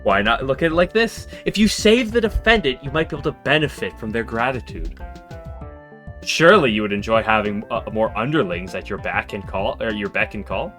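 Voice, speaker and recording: A man's voice: mid-range voice, lively intonation, brisk, a bit bright, faint music behind, close to an everyday voice. A man voicing a prim, formal female messenger who teases politely, in a game read-through. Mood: formal teasing. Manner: courtly, formal diction.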